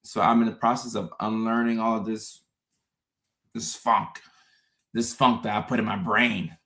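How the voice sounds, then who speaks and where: A man hosting a casual live stream, talking straight to his viewers in an animated way, often repeating words and acting out his own confused thoughts. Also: on the low side, moderate pace. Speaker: host. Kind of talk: casual livestream talk to viewers.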